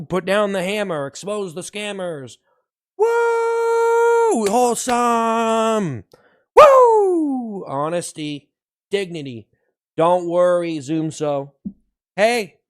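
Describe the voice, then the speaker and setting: A man hosting a live stream in a comic, mock-sincere hype style, repeating slogans, whooping loudly and then dropping into slow, hushed earnestness. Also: a little high.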